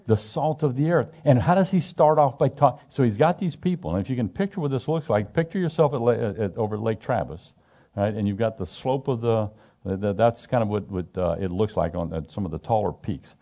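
Middle-aged male lay teacher, low mellow voice, chatty and emphatic scripture explainer. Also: a little fast. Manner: animated, emphatic, asks the group questions; frequent restarts and repetitions. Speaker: Bible study teacher. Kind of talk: informal conversational scripture teaching.

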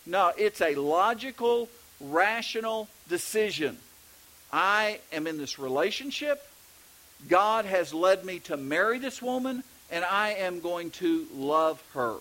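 A man's voice: high-pitched, animated, slow, pushed and bright, rough recording. A middle-aged man with a Texas accent, preaching a sermon in a conversational way with many restarts. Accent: Texan. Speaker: pastor.

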